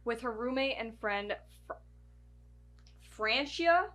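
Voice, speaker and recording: A woman's voice: on the high side, lively intonation, slow, a bit bright. Woman podcast host stumbling through notes. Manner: stumbles and restarts while reading names and dates. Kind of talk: casual chat, reading notes aloud.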